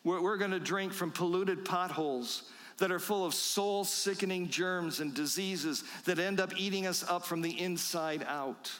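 Male pastor, sermon delivery, slightly high voice, slow emphatic rhetorical questions, reverberant hall. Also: fairly bright tone.

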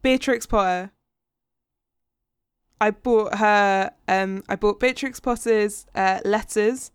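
A woman's voice: mid-range voice, takes it slowly, clean tone, no room sound, clean studio sound. A woman co-hosting a podcast, chatting casually and frankly about books and swearing freely. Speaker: podcast co-host. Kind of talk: casual book chat.

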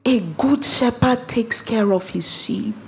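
A woman pastor preaches at an unhurried pace, her voice pitched on the high side. She leans hard on key phrases and swells toward emphatic peaks. Soft music drifts faintly behind her. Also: expressive. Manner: slow, emphatic preaching with dramatic rises. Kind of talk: sermon.

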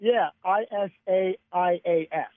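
A man's voice: sits high, measured pace. Chatty male forecaster on a tinny phone line. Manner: chatty, relaxed, chuckles often. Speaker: weather forecaster. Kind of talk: casual radio weather chat.

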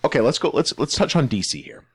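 A man's voice: mid-range voice, sing-song, fast talker, slight background noise. A man co-hosting a casual podcast chat, joking and mock-earnest as he talks through upcoming films. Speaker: podcast co-host.

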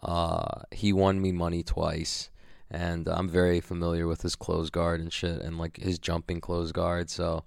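A man's voice: deep voice, monotone, unhurried, gravelly, no echo, studio quality. A young man recapping his competition day in a casual vlog, swearing freely and rambling with lots of "like" and filler words. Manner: profane, rambling, full of likes and fillers. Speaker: grappling competitor.

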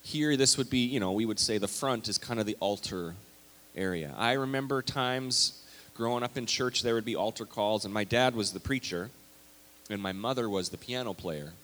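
Lowish-voiced male pastor in a reverberant hall. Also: moderate pace, fairly bright tone. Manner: conversational, anecdotal preaching. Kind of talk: sermon. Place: church sanctuary.

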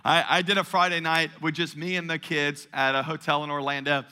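Pastor preaching, man, high voice, very bright tone, emphatic, repeats key lines. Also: fairly quick, smooth. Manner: energetic, emphatic preaching with repetition. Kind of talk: sermon.

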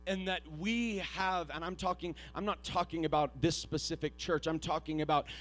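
Man, fairly high voice, preacher. Goes from soft, halting storytelling to loud, shouting exhortation. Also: steady tone. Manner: earnest and self-deprecating, with frequent restarts. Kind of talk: sermon.

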